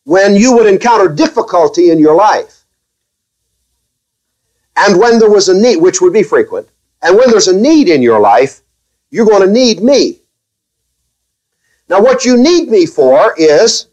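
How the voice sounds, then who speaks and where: A man preaching a sermon as pastor to his own congregation, speaking carefully, with restarts and wry, gently sarcastic asides. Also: sits high, very animated, measured pace, pauses often, muffled recording.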